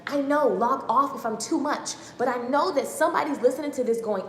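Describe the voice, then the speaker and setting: A high-voiced woman rants excitedly on a motivational live stream, talking fast and slangy and hammering her points home by repeating them. She is recorded on a phone in her home kitchen, where the hard room gives her voice a long, echoey ring. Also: slight background noise. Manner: excited fast ranting, talks too fast; casual slangy and emphatic, repeats phrases. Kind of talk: energetic motivational talk.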